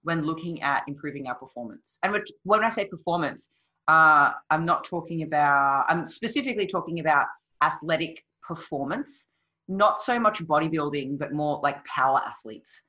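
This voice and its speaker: Bright-voiced woman hosting a podcast. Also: low-pitched, expressive, moderate pace, lo-fi sound. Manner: upbeat, blunt, laughs easily. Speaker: podcast host. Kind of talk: casual podcast chat.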